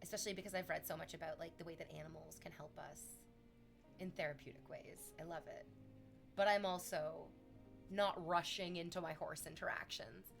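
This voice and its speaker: A woman's voice: fairly quick, creaky, soft background music. A Canadian woman streaming, chatting animatedly with her viewers and laughing often. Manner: animated, laughing, shifts into high excited shrieks for quoted bits. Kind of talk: casual chat with viewers.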